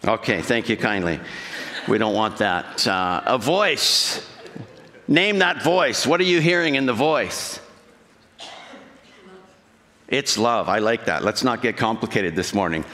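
A man's voice: lowish voice, unhurried, pauses often, sharp tone. A male pastor preaching a sermon in a church, talking conversationally and putting questions to the congregation. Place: church sanctuary. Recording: long hall reverb.

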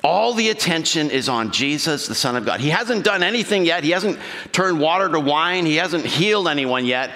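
A man's voice: on the high side, lively intonation, normal speed, pushed and bright. A male pastor preaching a sermon in a church, talking conversationally and putting questions to the congregation. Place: church sanctuary. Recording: long hall reverb.

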